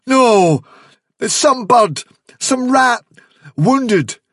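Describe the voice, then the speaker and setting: A man's voice: a little high, animated, moderate pace, fairly bright tone, breathy edge, no room sound, studio quality, distant mic, voice pushed up, exaggerated voice. A man voicing a nervous young male rabbit who speaks in an anxious, breathless way.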